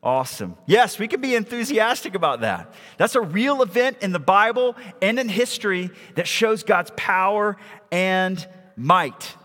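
A man's voice: sits high, sing-song, a little slow, a bit bright, big-room sound. A male pastor preaching in a church, reading a Bible story aloud and acting out the quoted lines with dramatic emphasis. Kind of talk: sermon with scripture reading. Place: church sanctuary.

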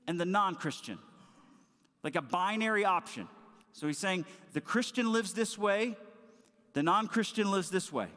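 A man preaching a sermon, opening with a lively personal story and keeping a conversational tone with casual fillers. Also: high voice, big-room sound. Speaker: pastor.

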